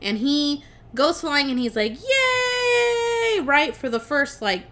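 A young woman casually retelling a movie plot on a podcast, animated and chatty, with lots of fillers and swearing. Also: sits high, moderate pace, a little hiss or hum. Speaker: podcast co-host. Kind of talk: casual film recap.

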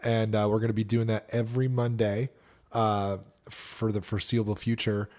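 Man, podcast co-host, low warm voice, easygoing chat with casual swearing. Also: flat delivery, moderate pace. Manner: laid-back, swears freely.

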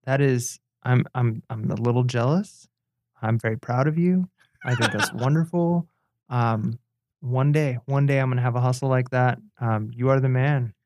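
A man with an average-pitched voice co-hosts a podcast, talking in a relaxed, halting way. The sound is dry and close, with no room echo. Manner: relaxed, hesitant, many fillers and restarts. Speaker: podcast co-host. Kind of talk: casual chat.

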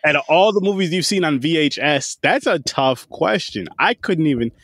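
A man's voice: a little high, expressive, normal speed, a bit bright, dry recording. A man hosting a casual podcast chat, laid-back, swearing now and then and joking with his guests. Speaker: podcast host.

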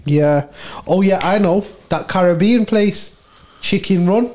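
Podcast host, man with a high voice, brash and animated. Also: unhurried. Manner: loud, sweary, animated ranting. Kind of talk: casual podcast banter.

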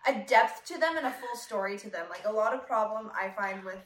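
A woman hosting a casual chat, talking in an animated way with lots of fillers. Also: mid-range voice. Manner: animated, many "like" fillers, quick laughs. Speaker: podcast host. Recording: echoey room, voice a bit far from the mic.

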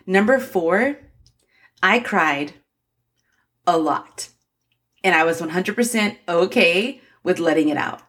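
A woman's voice: lowish voice, expressive, takes it slowly, pauses often, fairly bright tone, slightly rough. A woman in her forties hosting a podcast, talking earnestly and emotionally to her listeners with encouragement and frequent laughs. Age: 40s. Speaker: podcast host. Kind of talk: motivational podcast monologue.

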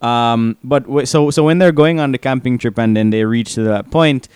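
A man's voice: medium pitch, moderate pace, clear, resonant tone, no room sound. A man co-hosting a podcast, casually discussing a film and acting out its scenes as he retells them. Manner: animated retelling with acted-out quotes. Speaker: podcast co-host.

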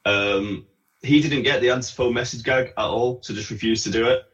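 A man's voice: mid-range voice, normal speed, a bit bright, dull audio. A man as a podcast guest in casual chat, telling amused anecdotes.

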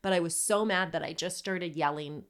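A woman in her thirties with a low, gravelly voice, chatting casually as a podcast co-host. She tells personal stories candidly and breaks into acted-out yelling when she relives a scene. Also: moderate pace. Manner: candid storytelling, acts out her own shouting. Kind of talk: casual chat.

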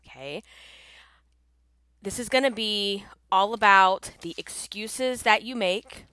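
A woman's voice: medium pitch, sharp tone, smooth, dry recording. A woman hosting a casual solo podcast, chatty and upbeat, sounding congested from allergies. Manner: chatty, upbeat, laughs often. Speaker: podcast host and coach.

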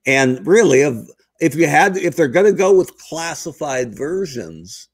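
A man's voice: fairly high pitch, very animated, measured pace, breathy edge, no room sound. A middle-aged man co-hosting a casual podcast, rambling and correcting himself as he goes. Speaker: podcast co-host. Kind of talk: casual chat.

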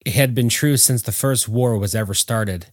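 A man narrating a story in a measured, steady audiobook style. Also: medium pitch, no room sound, studio quality.

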